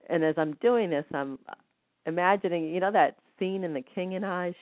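A woman leading a guided healing session, gently counting rhythms aloud. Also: low voice, normal speed, dry recording. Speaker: energy healing practitioner. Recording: dry, tinny phone-like line.

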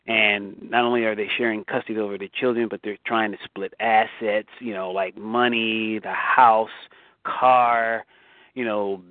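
A man's voice: fairly low pitch, no room sound. Emphatic man on a tinny phone line. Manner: emphatic, repeats and restarts, rising for rhetorical questions. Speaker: bible study host. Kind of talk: casual discussion on a call.

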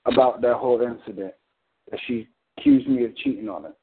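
A man's voice: medium pitch, a little fast, vocal fry, slightly rough. A man on a community call, telling a story in a blunt, heated, profane way. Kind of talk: casual storytelling. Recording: phone-like call audio.

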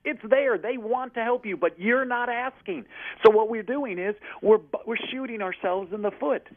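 A man's voice: extremely high pitch, moderate pace, dry recording. A man speaking as an interview guest, passionate and emphatic, acting out the lines of people in his stories. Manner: passionate, emphatic, acts out quoted dialogue. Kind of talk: energetic motivational interview talk. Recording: husky voice over a tinny phone-like line.

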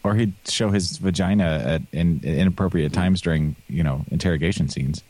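A man's voice: sits low, normal speed, darkish tone. A man hosting a podcast in casual chat, rambling with many restarts and laughs. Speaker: podcast host.

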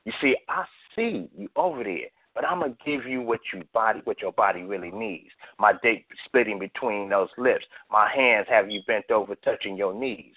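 A man's voice: fairly low pitch, lively intonation, moderate pace, hardly any pauses, no echo. A man from the US West Coast, a guest poet reciting a boastful spoken-word piece in a rhythmic delivery. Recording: tinny phone line.

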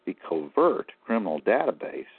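Low-voiced male guest, rambling and aggrieved, very lively pitch, tinny phone sound. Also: moderate pace, slightly rough, no room sound. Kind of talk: phone-in interview.

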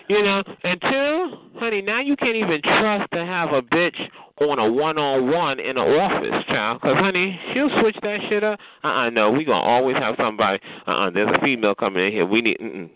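A man hosting a radio call-in show, taunting callers in a camp, profane, mocking way and calling them honey and child. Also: medium pitch. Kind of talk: sassy call-in banter. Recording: tinny phone-line radio audio with faint hiss.

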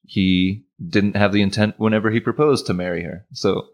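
A man's voice: lowish voice, steady tone, moderate pace. A man co-hosting a podcast, recounting a court case in a laid-back way and laughing often. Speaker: podcast co-host. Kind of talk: casual chat.

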